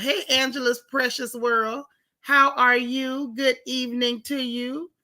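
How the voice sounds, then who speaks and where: A woman hosting a casual livestream, warmly greeting chat viewers one by one by name. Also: on the high side, a little slow. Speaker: livestream host. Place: home in Texas.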